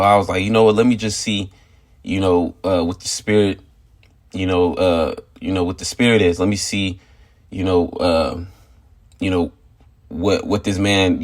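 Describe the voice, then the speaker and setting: A man with a fairly low voice tells a story from his workday in a loose, rambling way, with "you know" in almost every sentence. He then turns it into informal spiritual teaching and keeps pressing each point with "okay" and "all right". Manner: emphatic, repeats "okay" and "all right" to drive points home. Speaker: religious teacher sharing a testimony.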